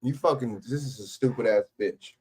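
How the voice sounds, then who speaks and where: A man's voice: medium pitch, moderate pace, a little mellow, slightly rough. Profane, heated man ranting on stream. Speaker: livestream host. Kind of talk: casual reaction commentary.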